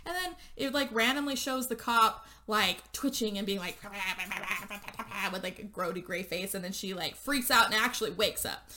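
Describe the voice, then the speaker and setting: A woman hosting a podcast, casually recapping a horror movie and acting out the characters' lines in a chatty, animated way. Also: medium pitch, normal speed, hardly any pauses, noisy background. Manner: animated storyteller, acts out characters' lines, lots of "like". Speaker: podcast host.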